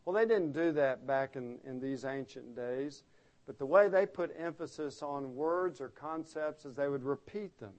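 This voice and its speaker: A man's voice: medium pitch, moderate pace, darkish tone. A man preaching an expository sermon, explaining the text earnestly and stressing key words by repeating them.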